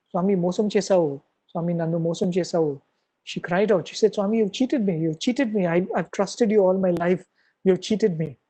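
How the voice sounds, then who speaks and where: Man for an earnest devotional story talk, soft warm tone, unhurried with pauses. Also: fairly high pitch, rough recording. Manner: earnest storyteller acting out quoted dialogue. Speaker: invited speaker at a devotional gathering.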